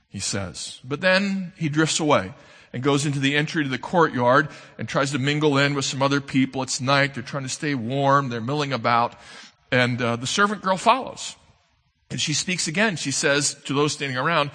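A man preaching a sermon as an earnest storyteller, swinging between loud emphasis and soft, low asides. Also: normal speed. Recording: long hall reverb.

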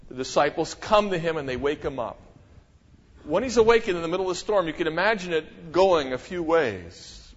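A middle-aged man preaching a sermon as a pastor, talking in an animated way with many rhetorical questions and sudden emphasis. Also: fairly high pitch, slightly rough. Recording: dull, echoey church hall.

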